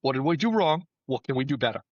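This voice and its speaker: A middle-aged man, a battalion chief, telling firefighting stories in a casual podcast chat, plainspoken and lively. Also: mid-range voice, fast, no room sound, dull audio. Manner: storytelling, animated, plainspoken with mild swearing.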